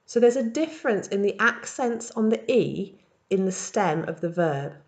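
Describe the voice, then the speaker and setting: A woman's voice: mid-range voice, animated, normal speed, a little mellow. Woman, language tutor, step-by-step explanations, models each verb form. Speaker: French teacher.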